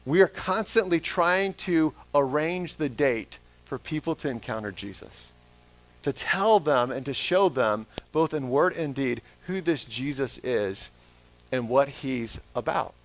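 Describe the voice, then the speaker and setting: Guy pastor preaching, keeps asking the room questions, bit high voice, dry sound. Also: animated, unhurried, no echo. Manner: asks the congregation repeated questions. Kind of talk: sermon.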